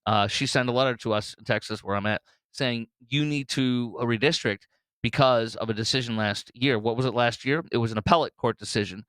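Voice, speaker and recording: A man's voice: medium pitch, a little fast, fairly bright tone, clean tone, dry recording. A man hosting a solo political commentary show, talking bluntly and mockingly with frequent fillers and restarts.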